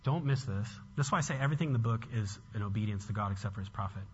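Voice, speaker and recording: A man preaching an expository sermon in an animated, conversational way, often restarting his sentences. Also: on the low side, rapid-fire, breathy edge. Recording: long hall reverb, dull lo-fi sound.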